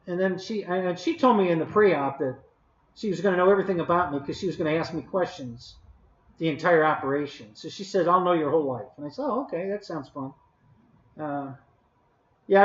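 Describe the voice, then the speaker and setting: A man hosting a live stream, telling a long casual story to his chat with many restarts and chuckles. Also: a little high. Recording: echoey room, dull lo-fi audio.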